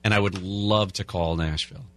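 Bright-voiced male talk radio host. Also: deep voice, fairly even intonation, fairly quick. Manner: casual, rambling asides between headlines. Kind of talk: talk radio chat and news rundown. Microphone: studio broadcast mic.

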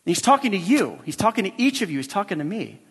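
Man, pastor, sermon, emphatic, repeats key phrases, slightly high voice. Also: big pitch swings, fast talker, breathy edge, in a large hall.

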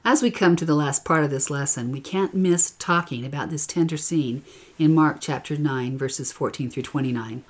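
A middle-aged woman with a notably low voice leads a scripture lesson. She reads in a gentle, earnest manner. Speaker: scripture teacher. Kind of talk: gospel lesson with scripture reading.

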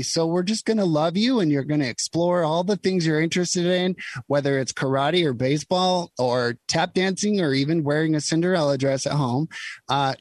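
A man's voice: a little high, dry recording. A man hosting a podcast, delivering an impassioned, emphatic and emotional political monologue. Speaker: podcast host. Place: Utah.

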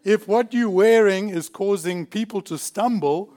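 A man's voice: sits high, a little slow, darkish tone. A man from South Africa preaching a sermon in a church, emphatic and chuckling between points. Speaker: pastor.

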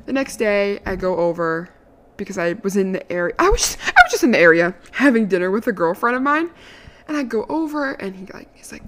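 A young adult woman telling a dating story in a casual, brash and profane way, her voice jumping higher when she gets indignant. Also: fairly quick. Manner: lively, climbs high when indignant.

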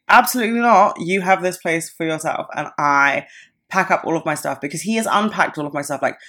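A young woman in her twenties with a low-pitched voice tells a story on her podcast. She talks casually, swears freely and acts out what everyone said. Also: fairly bright tone. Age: 20s. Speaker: podcast host.

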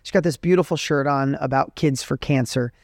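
A man's voice: mid-range voice, fairly quick, no room sound, clean studio sound. A middle-aged man giving an earnest, emphatic motivational talk as a podcast host, telling stories to make his points. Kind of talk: motivational monologue.

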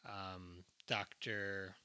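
A man's voice: deep voice, little pitch movement, drawn-out words, sharp tone, smooth, dry recording. A man co-hosting a podcast, recapping a film's plot casually and swearing freely. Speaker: podcast co-host. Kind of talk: casual film discussion.

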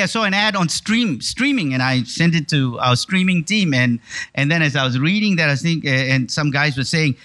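A man's voice: sits high, sharp tone, dry recording. A male pastor preaching a sermon with emphatic, rising stress on lists and appeals, often repeating words and restarting phrases.

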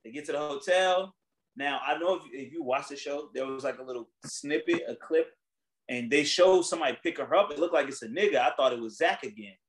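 Brief: male host, slightly higher-pitched, slangy and profane, animated storyteller in casual chat. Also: fairly quick, slight background noise, poor audio.

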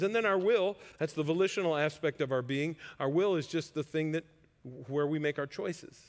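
A man's voice: on the high side, a little fast, long reverb tail. A man preaching a sermon as pastor, earnest and conversational, building to emphatic points.

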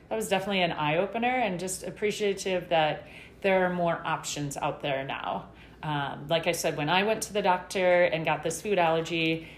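A woman's voice: on the low side, echoey room, a little hiss or hum. A middle-aged woman guest talking candidly in a casual interview, rambling a little with fillers.

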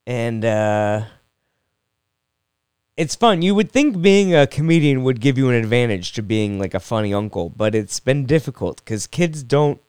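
Comedian host, man, young adult; smooth, clean voice with a dry, close sound; rambling and jokey. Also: medium pitch, darkish tone, no echo. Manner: rambling, self-deprecating, jokey with frequent restarts. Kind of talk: casual solo podcast monologue.

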